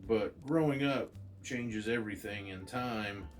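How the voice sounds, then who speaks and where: An earnest young male superhero from a comic, thoughtful and sincere, as a man reading aloud puts him on. His voice sits fairly low and he talks slowly, musing over each thought. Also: faint music behind, lightly acted.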